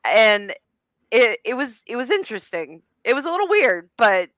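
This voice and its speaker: A woman's voice: a little high, sing-song, a bit bright, no echo. A woman co-hosting a fan podcast, chatting casually and taking her time to find her words. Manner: unhurried, searching for words. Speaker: podcast co-host.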